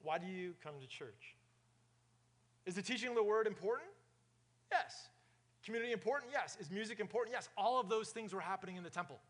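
A man preaching a sermon to his congregation, energetic and often asking the room questions. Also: high voice, brisk, pauses often. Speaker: pastor.

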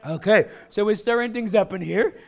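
A middle-aged man with a high voice delivers a loose, joking sermon from the pulpit. He talks in a chatty, rambling way and keeps slipping into asides. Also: normal speed, vocal fry, some chatter behind. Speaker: pastor.

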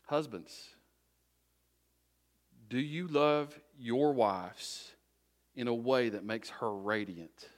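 A man's voice: medium pitch, drawn-out words, long pauses. A middle-aged man preaching a sermon as a pastor, talking conversationally and repeating short exhortations.

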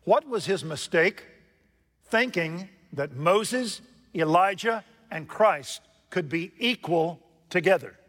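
A man preaching a sermon from the pulpit, jumping from loud emphatic lines to hushed asides and putting questions to his congregation. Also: high voice, lively intonation, slow pace. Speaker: pastor. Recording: long reverb from a large hall.

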